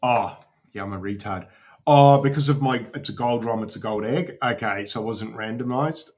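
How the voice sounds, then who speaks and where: A man's voice: mid-range voice, normal speed, darkish tone. A man hosting a casual crypto livestream, swearing freely and talking to his chat as he browses.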